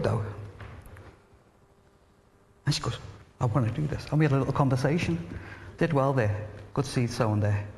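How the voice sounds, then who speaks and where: A man preaching a sermon, earnest and emphatic, telling stories and dropping to a hush at tender moments. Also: medium pitch, expressive, moderate pace, gravelly, pauses often, slight background noise. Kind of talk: sermon with storytelling. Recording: reverberant hall.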